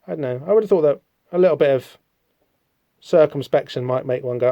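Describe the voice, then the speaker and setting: Rambling man, dark dry voice. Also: mid-range voice, brisk, dry recording, lo-fi sound. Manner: rambling, self-deprecating, apologetic asides. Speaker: podcast host. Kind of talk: casual solo comic-book discussion.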